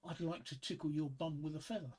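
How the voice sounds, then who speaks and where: A man voicing a posh, cheeky city gentleman in a pub, ordering in a prim, polite way. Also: fairly high pitch, steady tone, fast, slightly rough.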